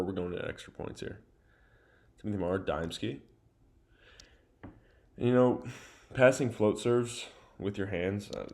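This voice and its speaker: A young man talks through game footage in a relaxed, rambling way, full of asides and fillers. His voice sits low and dark, with a gravelly fry running through it. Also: a little hiss or hum. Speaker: volleyball film analyst. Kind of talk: casual play-by-play breakdown.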